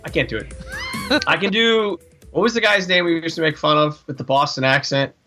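A man's voice: fairly high pitch, a little fast, pushed and bright, soft background music. A man co-hosting a casual sports podcast, rambling through scores with jokey asides. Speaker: podcast co-host.

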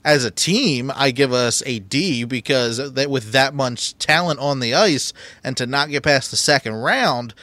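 A man's voice: medium pitch, measured pace, hardly any pauses, sharp tone, no room sound. A man co-hosting a podcast in casual chat, giving blunt opinions. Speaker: podcast co-host.

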